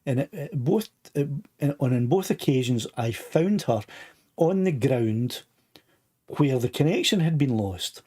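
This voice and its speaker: Older Scottish host with a touch of throat trouble; rambling, chatty, reading out comments. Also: male voice, medium pitch, animated, a little slow, dark tone, slightly rough. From Scotland. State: a bit of a sore throat. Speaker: live stream host. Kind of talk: casual live stream chat.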